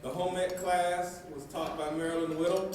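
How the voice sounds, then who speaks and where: A man's voice: high voice, flat delivery, normal speed, background noise. A man giving a folksy, emphatic storytelling speech at a banquet. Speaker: banquet speaker. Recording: echoey banquet hall from far off.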